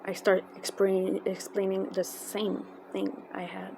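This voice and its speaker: A woman with a tells an emotional personal story in a halting, casual way, with many fillers and restarts. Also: medium pitch, level tone. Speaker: fan telling a personal story. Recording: noisy background.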